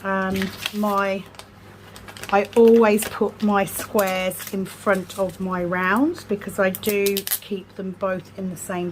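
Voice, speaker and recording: A vlogger chats casually while sorting craft supplies at home, self-deprecating and slowly reading numbers under her breath. Her voice is middle-pitched, with a steady background hiss throughout the recording.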